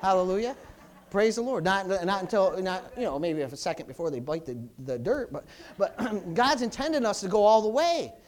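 A middle-aged man, preaching a sermon with call-and-response, repeated hallelujahs, and swings from loud exclamations to soft asides. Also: high-pitched, very animated, normal speed.

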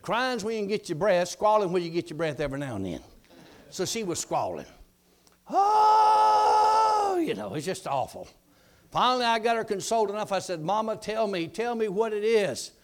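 A man preaching a testimony sermon, telling his story dramatically and shouting his declarations. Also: high voice, animated, a little fast.

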